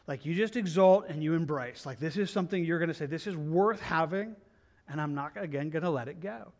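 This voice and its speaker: A man's voice: a little high, a little fast. Earnest man teaching scripture. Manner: earnest, repetitive, conversational with many restarts. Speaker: pastor. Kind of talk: verse-by-verse Bible teaching.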